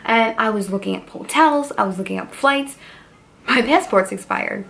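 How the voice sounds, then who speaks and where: A woman's voice: fairly high pitch, normal speed, gravelly, fairly bright tone. A woman in her twenties talking candidly to camera in a personal vlog, rambling and heartfelt, with lots of fillers. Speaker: beauty vlogger.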